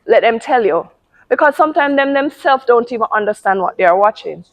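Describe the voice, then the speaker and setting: A woman's voice: on the high side, expressive, a little fast, muffled recording. A woman hosting a casual talk on parenting, speaking emphatically and often repeating words. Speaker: parenting channel host.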